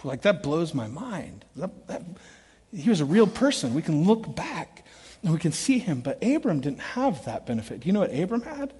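Middle-aged male pastor, high voice, big-hall reverb, storyteller's sermon that swings from loud quotes to hushed asides. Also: normal speed, slightly rough. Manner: animated storytelling, shifts between loud acted quotes and quiet earnest asides. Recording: long reverb of a large hall.

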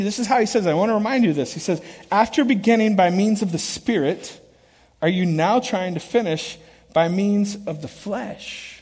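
Middle-aged male pastor, high voice, big-hall reverb, storyteller's sermon that swings from loud quotes to hushed asides. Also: breathy edge. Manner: animated storytelling, shifts between loud acted quotes and quiet earnest asides. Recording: long reverb of a large hall.

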